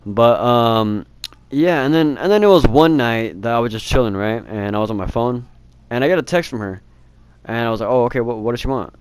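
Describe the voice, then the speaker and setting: A man's voice: medium pitch, animated, a little fast, clean tone, no room sound. Rambling young man telling a story. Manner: rambling, laughs often, mild swearing. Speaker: vlogger. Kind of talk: casual storytime.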